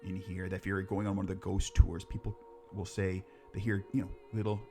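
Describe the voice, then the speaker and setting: A man's voice: low-pitched, flat delivery, brisk, dark tone, faint music behind. A man co-hosting a podcast, telling ghost stories in casual, rambling chat, joking, swearing and laughing at his own jokes. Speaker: podcast co-host.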